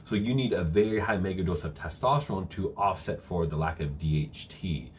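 A man's voice: sits low, fairly quick, a little hiss or hum. A young man coaching viewers through a live-stream Q&A at home, reading chat questions aloud and answering casually with many fillers. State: briefly out of breath.

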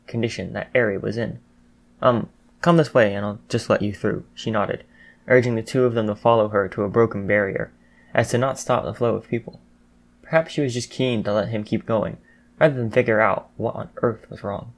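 Man reading a story aloud. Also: medium pitch. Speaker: narrator. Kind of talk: audiobook reading of fan fiction.

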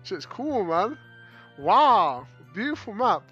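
Bright-voiced Northern English gamer. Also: male voice, sits high, big pitch swings, slow, breathy edge, lo-fi sound, faint music behind. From northern England. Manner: joking, swearing, tag questions like "yeah?". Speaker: host. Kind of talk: casual gaming banter.

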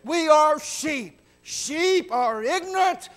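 High-voiced man preaching a revival sermon. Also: lively intonation, slow. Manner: rising into shouted preaching. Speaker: visiting preacher. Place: church sanctuary.

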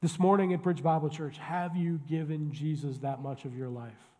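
Higher-voiced pastor preaching in a reverberant church. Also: male voice, fairly even intonation, moderate pace, warm tone. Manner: conversational, joking, questions the congregation directly. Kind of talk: sermon. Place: church sanctuary. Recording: long church hall reverb.

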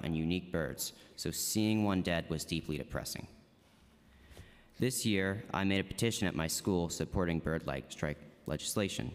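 A man's voice: sits low, clear, resonant tone. A teenage boy earnestly reading prepared testimony as a student witness. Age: teens. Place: council chamber. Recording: long reverb in a hall.

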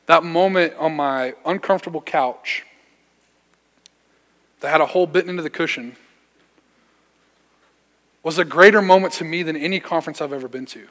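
A man's voice: a little high, fairly bright tone. Young man preaching casually in reverberant church. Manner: casual storytelling, slangy, self-deprecating humor. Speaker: youth pastor. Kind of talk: sermon. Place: church sanctuary.

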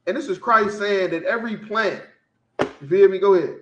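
A man hosting a podcast, talking in casual, profane, animated commentary and laughing often. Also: high voice, moderate pace, reverberant, muffled recording, noisy background. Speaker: podcast host.

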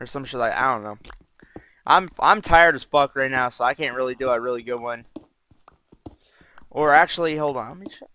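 A man's voice: mid-range voice, normal speed, long pauses, pushed and bright. A man giving casual gameplay commentary as a channel host, brash and profane, rambling as he plays.

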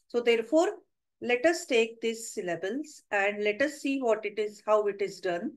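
A woman's voice: fairly high pitch, expressive, normal speed, low-quality recording. Methodical Indian woman lecturing. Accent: Indian English. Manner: methodical, counts through examples step by step. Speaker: webinar presenter on math history. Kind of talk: lecture with slides.

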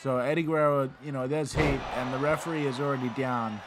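A man's voice: mid-range voice, steady tone, fast. Man calling a wrestling game, noisy. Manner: rambling, lots of fillers and restarts. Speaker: play-by-play commentator. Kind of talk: casual video game commentary.

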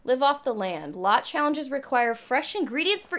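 With a high voice at normal speed and few pauses, a young woman reads a trailer aloud while reacting to it for her gaming YouTube channel. She gushes and squeals with excitement, sounding slightly breathless.

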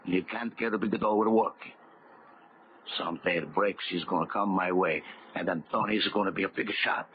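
A man's voice: low voice, fairly even intonation, moderate pace, close to an everyday voice. An actor playing a bitter, boastful tough-guy diver. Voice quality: sneering, street slang. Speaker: deep-sea diver. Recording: tinny 1930s radio broadcast, hiss.

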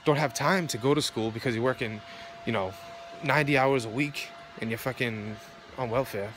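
A young vlogger stands outside in the cold near traffic, shivering as he delivers a profane, rambling, heated rant to his phone camera. He speaks at a moderate pace in a medium pitch, and the outdoor recording is noisy with traffic.

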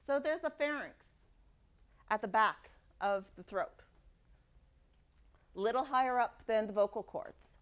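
Woman teaching a class, a bit high voiced, acts out sounds as she goes. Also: unhurried, long pauses. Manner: lively, demonstrates sounds aloud. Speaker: university lecturer. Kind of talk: classroom lecture. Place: lecture hall.

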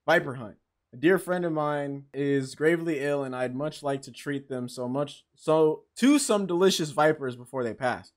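A man giving casual let's-play commentary, excitable, swearing and reading game text aloud. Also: a little high, moderate pace. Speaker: gaming channel host.

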